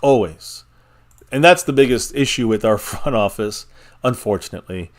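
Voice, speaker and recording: A man's voice: medium pitch, lively intonation, normal speed. Opinionated man hosting a casual sports stream. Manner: opinionated, rambling with restarts and laughs. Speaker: live stream host. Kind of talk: casual sports fan chat.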